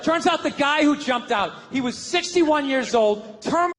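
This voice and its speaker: A man's voice: extremely high pitch, expressive, a little slow. A male stand-up comedian acting out scenes in character during a live set, with swearing. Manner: acts out scenes in character, profane. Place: comedy stage. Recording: live club set with loud crowd and noise.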